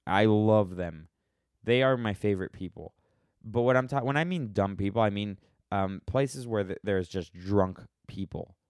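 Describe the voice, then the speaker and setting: A somewhat low-pitched American man talks casually on his own podcast, wandering from thought to thought and often cutting himself off mid-sentence. His tone is wry and offhand. The sound is close and dry, with no room around it. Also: moderate pace, a little mellow, no room sound. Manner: rambling, self-interrupting, wry. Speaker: podcast host answering questions. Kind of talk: casual solo podcast chat.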